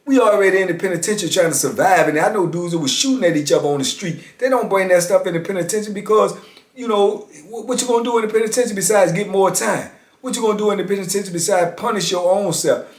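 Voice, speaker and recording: A man in his fifties tells a story from his own life in an easy, conversational way, dropping "man" into nearly every sentence. His voice sits a little high for a man. The recording picks up a noticeable echo from the room. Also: quick pace. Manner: laid-back, conversational, heavy use of "man". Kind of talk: casual spoken storytelling. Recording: roomy echo.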